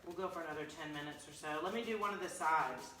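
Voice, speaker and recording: A woman's voice: deep voice, quick pace, sharp tone. A woman hosting a furniture painting livestream, chatting casually and telling stories with animation.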